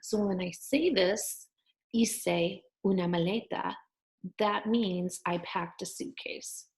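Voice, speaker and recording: A woman teaching a class, patiently repeating verb endings slowly. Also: medium pitch, fairly even intonation, darkish tone, rough recording. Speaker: Spanish teacher. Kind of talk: recorded class lesson.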